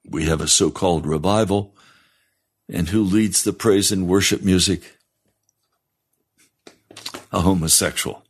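Man, pastor, broadcast sermon, fiery, low-pitched, reads scripture aloud. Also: a little slow, long pauses, husky. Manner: fiery, rising in pitch on pointed questions. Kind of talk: radio sermon.

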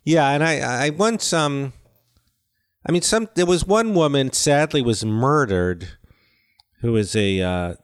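Older guy guest rambling thru stories, kinda self-deprecating, smooth clear voice. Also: medium pitch, expressive, slow pace. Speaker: guest, actor and comedian. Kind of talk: casual interview chat.

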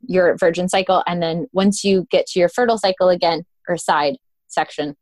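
A woman's voice: on the low side, steady tone, moderate pace, darkish tone, dry recording. Chatty woman guest, dry close sound. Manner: chatty and informal, full of "like" and "um". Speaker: podcast guest. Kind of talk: casual conversational interview.

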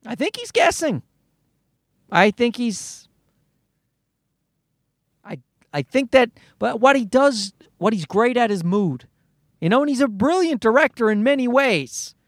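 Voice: medium pitch, big pitch swings, unhurried, long pauses, no room sound, clean studio sound. A podcast host ranting casually, swearing often and restarting sentences. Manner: profane, ranting, many restarts.

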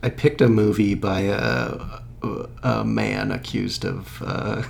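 A man's voice: on the low side, steady tone, slow, vocal fry, slight background noise. A man co-hosting a casual podcast chat, laid-back, laughing often and trailing off mid-sentence. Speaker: podcast co-host.

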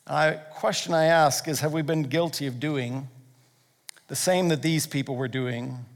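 High-voiced preacher in an echoing hall. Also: male voice. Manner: earnest preaching with wide swings between loud emphasis and soft, slow prayer. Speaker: pastor. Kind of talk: sermon. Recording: long reverb of a large hall.

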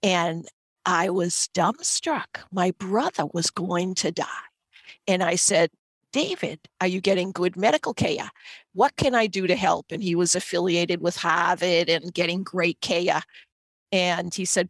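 A woman's voice: fairly low pitch, measured pace, dry recording. A middle-aged woman with a Boston accent, telling a personal story earnestly as a podcast guest.

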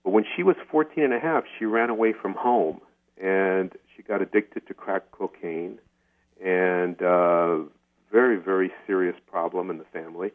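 A lower-pitched man comes through a thin, phone-like line, the sound narrow and tinny. He tells stories as an interview guest with animated energy. He stumbles and repeats words as he speeds into his point. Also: moderate pace. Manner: animated storyteller, repeats words when excited. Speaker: podcast guest, documentary filmmaker. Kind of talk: casual interview talk.

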